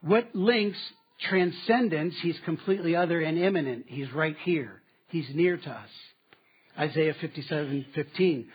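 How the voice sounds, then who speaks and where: Guy preaching, kinda husky and a bit high, sound's a little muffled. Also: a little slow. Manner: dynamic preaching, dropping to quiet asides with laughs. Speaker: pastor. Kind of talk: sermon. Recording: slightly dull, muffled sound.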